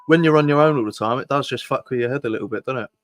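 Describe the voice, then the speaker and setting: A man's voice: medium pitch, racing, a little hiss or hum. Laid-back man hosting a call-in show. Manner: laid-back, laughs along, calls people "mate". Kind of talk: casual chat with callers.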